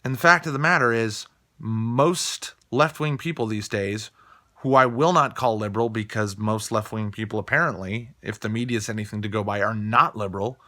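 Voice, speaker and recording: A man's voice: fairly low pitch, moderate pace, pushed and bright. A man from Colorado delivering a heated, profane opinion rant, hammering points home by repeating phrases. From Colorado, USA. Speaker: political commentator.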